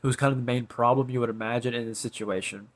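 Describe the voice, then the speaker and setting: A man of ordinary pitch rambling on camera. He loops back to "bro" and "right" at the end of nearly every line. Now and then he drawls and lets his voice sink into quiet asides. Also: steady tone, fast talker.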